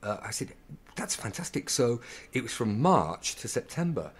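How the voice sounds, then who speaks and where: A male actor, a guest on a podcast, tells stories in a casual interview and acts out the dialogue as he goes. His voice is medium-pitched and slightly rough, at a normal speed.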